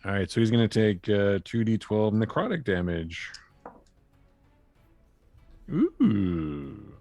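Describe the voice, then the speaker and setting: A man with a fairly low voice plays a tabletop game, talking through his character's actions. His banter is crude and joking. Faint music runs behind him. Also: very animated, slow, a little mellow. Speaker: player. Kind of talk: tabletop game play chat.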